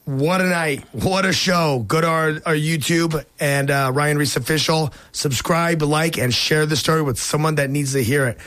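An eager man hosting a faith talk show, with a voice a touch higher than most men's. He reacts with enthusiasm and drifts into a preachy tone. The sound is dry and close. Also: moderate pace, hardly any pauses, fairly bright tone, no room sound. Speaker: host.

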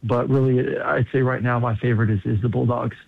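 A man, a former quarterback, chatting briskly as a radio guest. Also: mid-range voice, steady tone, creaky, dry recording. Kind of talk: casual interview chat. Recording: tinny phone line.

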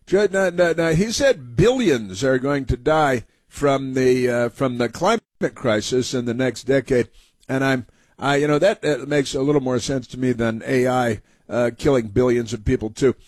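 A man's voice: medium pitch, normal speed, darkish tone, dry recording. A man hosting a talk show, giving combative, rambling political commentary with frequent fillers.

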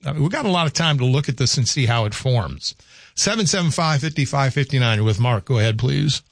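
An older man hosting a call-in radio show in a loose, rambling way, often thinking out loud mid-sentence. His voice sits at an everyday pitch and sounds dry and close, with no room around it. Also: lively intonation, a little fast, creaky, no echo. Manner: rambling, conversational, thinks aloud. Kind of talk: casual call-in radio talk.

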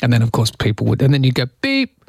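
A man's voice: mid-range voice, little pitch movement, very fast, gravelly, darkish tone, husky, dry recording, clean studio sound. Chatty man hosting morning radio. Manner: chatty, wry, rambling asides. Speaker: radio host. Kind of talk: casual morning radio chat.

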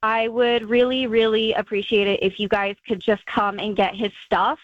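A woman's voice: medium pitch, little pitch movement, normal speed, dry recording. A woman calling in to a radio show, telling her story in a chatty way with lots of "like" and acted-out quotes. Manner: chatty, peppers speech with "like", acts out quotes. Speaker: caller. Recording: dull lo-fi phone call on radio.

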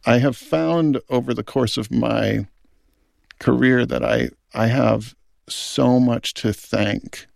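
A man's voice: mid-range voice, steady tone, slow, vocal fry, darkish tone, no room sound, studio quality. A middle-aged man, a film director, speaking in an earnest, thoughtful interview. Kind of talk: reflective interview talk.

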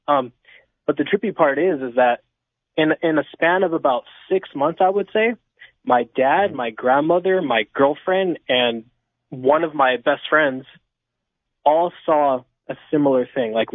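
A fairly high-pitched man phones in to a radio program from Inland Empire, California, rambling through a story with plenty of restarts and filler words. There's no room sound, just the tinny quality of a phone line.

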